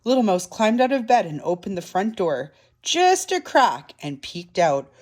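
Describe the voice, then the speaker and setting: A woman reading a children's picture book aloud for a library storytime, soft and dramatic. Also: on the low side, lively intonation, normal speed.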